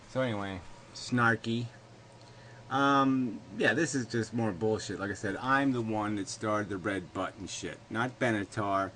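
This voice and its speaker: A man's voice: fairly low pitch, takes it slowly, pauses often, a bit bright, slight background noise. A man video blogger delivering a solo monologue, firing sarcastic rhetorical questions and swearing freely.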